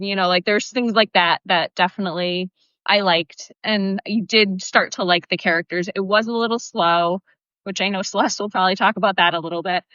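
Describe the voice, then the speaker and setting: A woman with a bright, crisp voice talks about a book in a chatty, animated way, with plenty of "like" and "you know". The sound is dry and a little dull. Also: mid-range voice, moderate pace, no echo. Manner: chatty, animated, many fillers. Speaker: podcast co-host. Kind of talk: casual chat.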